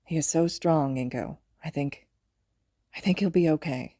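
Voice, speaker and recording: A woman voicing a tender young father who speaks softly and haltingly, in a podfic reading. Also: low-pitched, no room sound, clean studio sound. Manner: soft-spoken, halting, affectionate.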